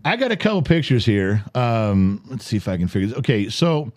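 A man in his forties hosting a podcast in a studio, telling a story in a lively, profane, laughing way. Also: mid-range voice, fairly quick, faint music behind. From United States. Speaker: podcast host. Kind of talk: animated storytelling chat.

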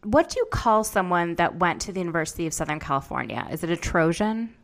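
A young woman co-hosting a podcast, telling stories in a lively, laughing way. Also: fairly low pitch, fast talker. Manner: lively storyteller, laughs often. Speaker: podcast co-host. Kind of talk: casual chat.

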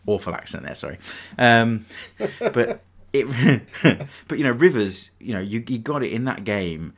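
A man's voice: medium pitch, very animated, a little slow, fairly bright tone. A man hosting a casual sports podcast, ranting with frustration about his team. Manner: frustrated, rambling fan rant. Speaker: podcast host.

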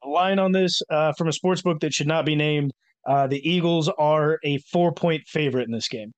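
A man's voice: fairly high pitch, normal speed, smooth, no echo. A man hosting a casual sports podcast, chatty and rambling, with many filler words. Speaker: podcast host.

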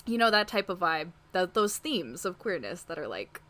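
A woman co-hosting a casual podcast chat, relaxed and quick to laugh, filling pauses with "um" and "you know". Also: fairly low pitch. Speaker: podcast co-host.

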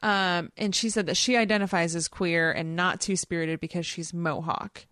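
Casting note: woman podcast co-host, lowish voice, dry close sound, animated plot recaps. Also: normal speed, no room sound. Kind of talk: casual chat.

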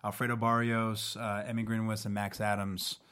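A man who is an actor, a guest on a TV after-show, talking in a relaxed, halting way. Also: fairly low pitch, smooth. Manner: relaxed, hesitant, restarts often. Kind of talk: casual interview chat.

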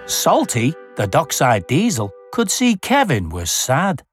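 Animated woman reading a children's story. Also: low-pitched, slow, faint music behind. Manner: expressive, animated.

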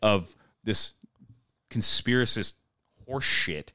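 A man's voice: lowish voice, unhurried, sharp tone, no room sound, studio quality. A young man co-hosting a podcast, adding wry, wordy commentary full of colorful turns of phrase. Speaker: podcast co-host. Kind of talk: casual chat.

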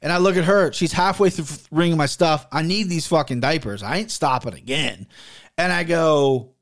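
A man's voice: fairly high pitch, normal speed. A man in his thirties telling a heated story in a casual monologue, swearing often and talking from a home studio. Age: 30s. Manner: animated, profane, heated storytelling. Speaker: podcast host and sports betting handicapper.

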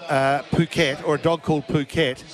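A man's voice: a little high, fairly even intonation, moderate pace, crowd noise. A male radio co-host, playfully musing aloud in casual banter.

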